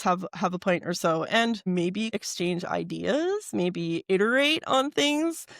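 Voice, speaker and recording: A woman's voice: medium pitch, a bit bright, no room sound, studio quality. A woman co-hosting a podcast, asking curious questions and explaining things to listeners in a chatty way. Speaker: podcast co-host. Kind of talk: casual podcast conversation.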